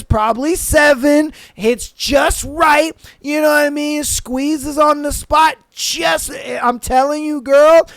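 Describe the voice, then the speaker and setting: A man's voice: very high-pitched, no echo. A man voicing a chatty female passenger who gushes brashly to a friend on the phone. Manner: gushing, brash, fast.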